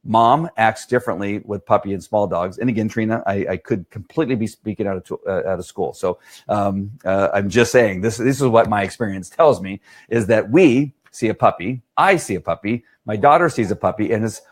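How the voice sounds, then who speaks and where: In a slightly quick, lowish voice, a middle-aged dog trainer responds to questions during a casual talk. He stays chatty, repeatedly adding "right?"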